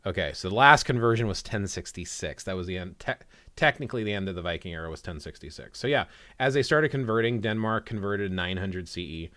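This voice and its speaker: A man's voice: deep voice, expressive, a little fast, fairly bright tone. A man hosting a livestream discussion, talking in an opinionated, conversational way and teasing his guest. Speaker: livestream host.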